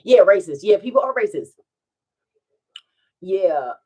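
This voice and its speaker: A woman's voice: medium pitch, a little slow. A woman vlogger, chatting casually at home and telling a rambling story with frequent laughs. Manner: animated, rambling, laughs often.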